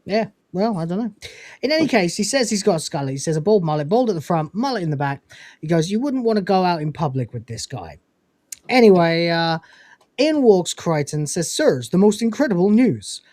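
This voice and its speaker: Speaking a little fast in a high voice, this man is recorded with no room sound. As host of a laid-back episode-review podcast, he chats through recaps, telling the story with energy and acting out what the characters say.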